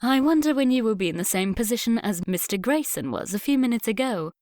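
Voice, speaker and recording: A woman's voice: a little high, animated, fast, a little mellow, no room sound, close to an everyday voice. Woman reading a firm, outspoken young lady, dry close mic. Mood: frank. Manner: firm, plain-spoken. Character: young English lady, frank and spirited dressmaker.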